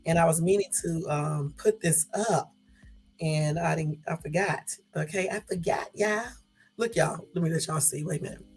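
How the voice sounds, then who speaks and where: A woman's voice: deep voice, moderate pace, a little mellow, slightly rough, faint music behind, low-quality recording. A woman vlogger at home, chatting casually to her viewers late at night, laughing and rambling.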